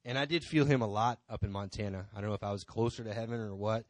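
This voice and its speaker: A man's voice: on the low side, fast, slight background noise. A man giving an informal testimony in a church, talking conversationally and rambling with many asides. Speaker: church member speaking from the pulpit. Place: church sanctuary.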